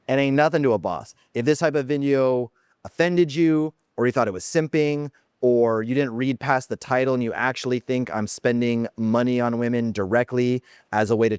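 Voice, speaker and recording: This is a man vlogging from his home office, talking bluntly and brashly with plenty of casual filler. His voice is smooth and clear, and the recording is close and dry with no room sound. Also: mid-range voice, no echo. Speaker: dating coach vlogger. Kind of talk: casual monologue.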